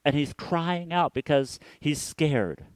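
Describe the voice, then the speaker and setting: A man preaching a reflective sermon as a pastor. He often repeats words and trails off softly at the ends of his phrases. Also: fairly high pitch, expressive, slow pace, dry recording.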